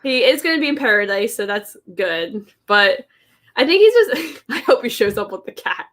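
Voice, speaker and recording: Bright chatty woman gossiping. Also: mid-range voice, big pitch swings, moderate pace. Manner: gushing, laughs often, fillers of "like". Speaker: podcast co-host. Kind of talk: casual chat.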